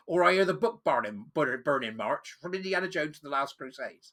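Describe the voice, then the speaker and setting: A sarcastic man from Britain rants over a report he is reading aloud. His voice is bright and a little husky, and he leans hard on words he wants to mock. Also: on the high side, animated, normal speed. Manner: sarcastic, scornful and emphatic. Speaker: political commentator. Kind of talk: reading news and ranting commentary.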